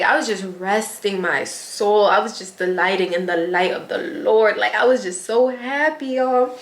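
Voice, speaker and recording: Young woman, storytime vlogger, emotional and animated, talks straight to viewers, average pitch, roomy echo. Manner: animated, emotional, chatty, addresses viewers directly. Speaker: influencer. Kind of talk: storytime vlog. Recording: echoey room.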